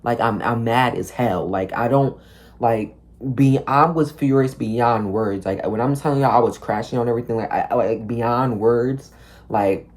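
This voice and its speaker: A man's voice: mid-range voice, normal speed. Rambling young man telling a storytime. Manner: rambling, heavy use of "like", profane slang; animated storytelling, acting out officers and himself. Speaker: vlogger. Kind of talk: storytime monologue.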